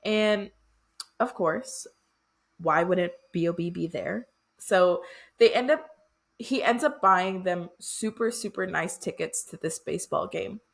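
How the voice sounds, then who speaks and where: A woman co-hosting a book podcast, retelling chapters in a lively, casual way and laughing often. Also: fairly low pitch, unhurried, vocal fry. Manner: animated retelling with quoted voices and laughter. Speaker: podcast co-host.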